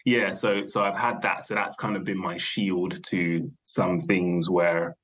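A young man, a podcast guest thinking aloud in a relaxed, rambling way, full of fillers and self-corrections. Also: low-pitched, measured pace, breathy edge. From London, England. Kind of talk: casual conversational interview.

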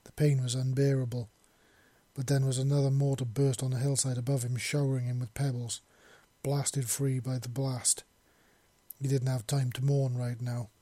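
A man reading a war story aloud, narrating and voicing the dialogue, shouting in the grief scenes. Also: mid-range voice, flat delivery, normal speed, no echo.

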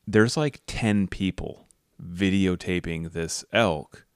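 Deep low guy on a podcast rambling thru a story, blunt and swears a bit, dry close mic. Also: slow, smooth, dry recording. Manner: rambling storyteller who acts out quoted dialogue; blunt, profane. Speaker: podcast host. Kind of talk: casual storytelling chat.

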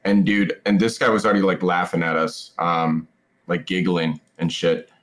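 Slightly low-voiced gamer guy, rambling, profane podcast storyteller. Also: flat delivery, normal speed. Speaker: esports pro player guest. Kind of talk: casual podcast chat.

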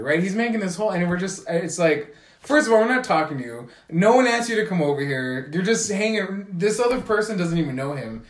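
A young man on a podcast, swearing freely and acting out the people in his story as he tells it. His voice sits a touch high for a man. The recording has a noticeable room echo. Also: fairly quick. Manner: profane, animated storytelling with mimicked quotes. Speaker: podcast co-host. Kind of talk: casual podcast chat. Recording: echoey room.

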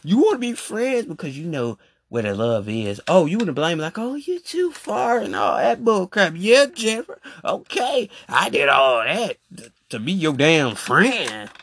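A man ranting casually in a voice message, animated and repetitive with slang. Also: fairly high pitch, normal speed, dry recording. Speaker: podcast host. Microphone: phone voice message.

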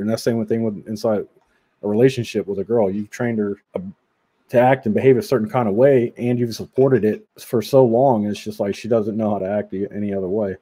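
A man's voice: on the low side, warm tone. A man in casual podcast chat, rambling and profane, often breaking off and restarting his sentences.

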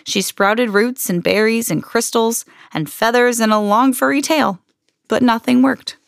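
A woman hosting a podcast, reading a children's picture book aloud in an expressive storytelling manner. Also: on the high side, a little slow, vocal fry, no room sound.

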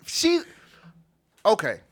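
A man co-hosting a casual, profane chat, emphatic and laughing often. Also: extremely slow. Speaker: podcast co-host.

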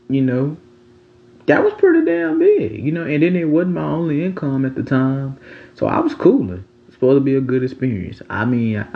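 A man's voice: fairly low pitch, gravelly, lo-fi sound. A man in his twenties talking in a loose, rambling monologue full of slang and "you know what I'm saying.". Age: 20s. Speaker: podcast host. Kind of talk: casual monologue.

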